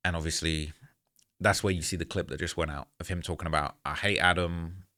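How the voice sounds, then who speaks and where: A man's voice: extremely low pitch, steady tone, quick pace, fairly bright tone. A man telling a story to camera in a candid, rambling way, frustrated and earnest, often saying "man" and "bro.". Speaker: YouTuber recounting a story to camera. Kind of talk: casual storytelling monologue.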